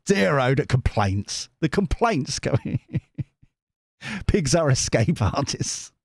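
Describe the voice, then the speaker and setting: A man's voice: medium pitch, vocal fry, husky, dry recording, clean studio sound. A man hosting a casual tarot live stream, chatty and giggly with lots of restarts.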